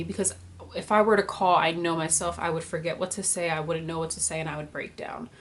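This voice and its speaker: This early-twenties vlogger has a low, slightly bright voice and a steady tone, speaking fairly quickly. She's open and emotional as she tells her personal story to camera, fighting tears and leaning heavily on "like."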